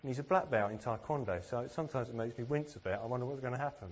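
A man's voice: mid-range voice, racing, a crowd in the background. A man from England giving a sermon, earnest and self-deprecating, with plenty of rhetorical questions. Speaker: preacher.

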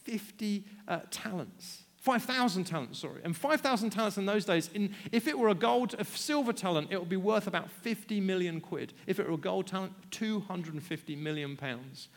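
Preacher guy, high voice, chatty storytelling sermon, long hall echo. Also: normal speed, hardly any pauses. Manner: animated, conversational, self-deprecating.

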